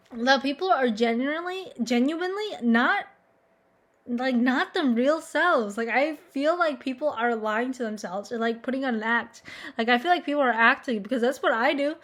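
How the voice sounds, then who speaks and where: Young woman, slightly high voice, rambling confessional vlog, flat and self-deprecating, lots of fillers. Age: young adult. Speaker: vlogger. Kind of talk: confessional monologue.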